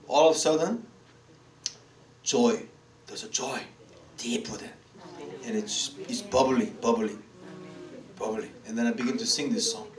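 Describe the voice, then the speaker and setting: A middle-aged man with a Korean accent, a native Korean speaker, preaching a lively personal testimony as a pastor, acting out voices and laughing often. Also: mid-range voice, moderate pace, pauses often. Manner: animated storytelling, acts out voices, laughs often, sings. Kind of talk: sermon testimony. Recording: echoey room from far off, faint noise.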